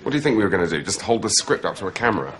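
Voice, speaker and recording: A comedian in scripted comic bickering who sounds sarcastic and exasperated. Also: male voice, fairly low pitch, very animated, very fast, a bit bright.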